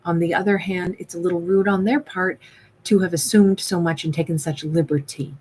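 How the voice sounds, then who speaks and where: A woman's voice: fairly low pitch, steady tone, a little fast, a little mellow, slight background noise, rough recording. A woman giving a casual tarot reading, talking loosely and acting out what other people might say. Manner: chatty, acts out quoted lines. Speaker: tarot reader.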